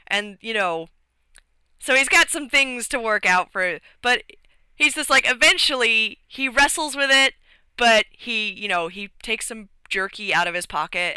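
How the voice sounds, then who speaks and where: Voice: medium pitch, bright, forceful tone, clear, resonant tone, no echo, rough recording. A streamer rambling through a casual recap of a tabletop game session, with lots of fillers and restarts.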